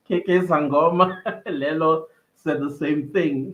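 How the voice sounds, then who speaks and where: A man's voice: sits high, takes it slowly, long pauses. A young South African man hosting a livestream, chatting casually and reading viewer comments aloud with frequent laughter. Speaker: livestream host. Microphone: computer mic on a live stream. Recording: slightly dull lo-fi stream audio.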